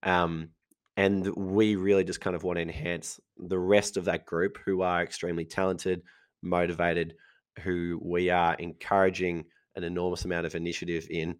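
A man with a husky voice, chatting casually as a podcast co-host and laughing often. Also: low-pitched, flat delivery, normal speed. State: husky voice from illness.

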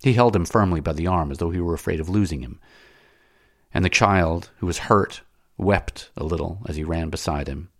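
A man reading a classic novel aloud as an audiobook narrator, in a measured, dramatic way. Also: low voice, slightly rough, no echo, clean studio sound.

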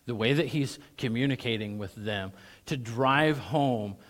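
A middle-aged male pastor preaching a sermon, animated, his voice rising sharply when he mocks with sarcasm, often clearing his throat. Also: medium pitch, unhurried.

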